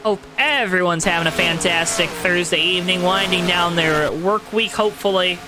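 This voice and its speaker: A man's voice: sits high, normal speed, music in the background, poor audio. A man calling an online sim race play-by-play in a put-on announcer voice, talking straight to the folks watching. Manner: exaggerated announcer voice, talks straight to the audience. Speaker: race commentator. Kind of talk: play-by-play sim racing commentary.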